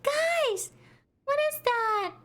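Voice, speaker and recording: A young woman streaming a game live, reacting excitably with frequent laughs and swearing. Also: very high voice, very slow. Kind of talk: live gameplay commentary.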